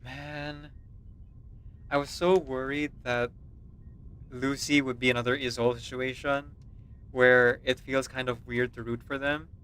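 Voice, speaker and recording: Slow-talking, chatty male streamer. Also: mid-range voice, little pitch movement, fairly bright tone, clean tone. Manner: chatty and self-deprecating, laughs often. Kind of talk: casual livestream chat.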